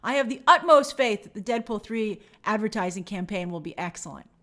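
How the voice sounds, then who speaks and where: A woman's voice: medium pitch, animated, brisk, fairly bright tone. A woman hosting a livestream, chatting casually and reading viewer comments aloud in an upbeat way. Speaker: host reading live chat.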